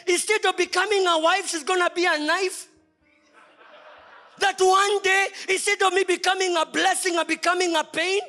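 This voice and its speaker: High-pitched, bright-voiced pastor preaching. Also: male voice. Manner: preaching with sudden shouts and soft drops. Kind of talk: sermon. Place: church.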